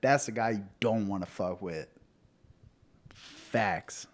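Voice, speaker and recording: A male podcast co-host with an animated comic delivery. He riffs in loose banter, his voice swinging up and down as he slips into silly voices. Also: on the low side, slow pace. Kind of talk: casual comedic banter.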